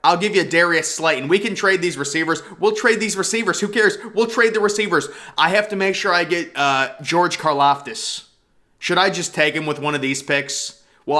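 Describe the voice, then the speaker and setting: A young man giving casual, excitable commentary while making mock draft trades, thinking aloud and laughing often. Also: high voice. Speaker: NFL draft video creator.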